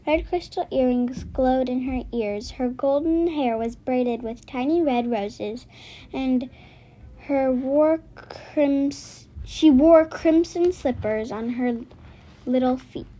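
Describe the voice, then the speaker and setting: Woman storyteller, high voice, slow careful reading, children's chapter book, small slips. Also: mellow.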